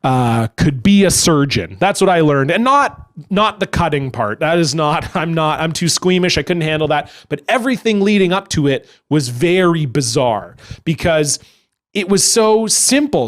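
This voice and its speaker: Young guy doing stand-up, kinda high voice, animated storytelling bits. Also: moderate pace. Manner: animated storytelling, acts out other people in quotes. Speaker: stand-up comedian. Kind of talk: stand-up comedy set.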